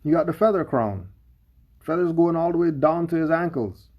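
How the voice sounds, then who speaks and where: A man's voice: on the high side, lively intonation, normal speed, dull audio. A man giving sarcastic reaction commentary on a video, firing off mocking rhetorical questions.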